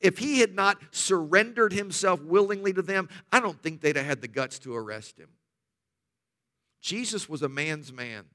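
A man's voice: high-pitched, fairly bright tone. A man preaching a sermon, telling stories emphatically with humorous asides.

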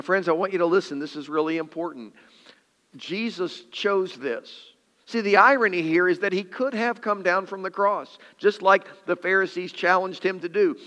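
A pastor preaches with earnest emphasis, his voice sitting a little high for a man. He reads scripture dramatically, and his words ring out with a long reverb from the hall around him. The delivery is steady and deliberate, built for a congregation. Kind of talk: sermon.

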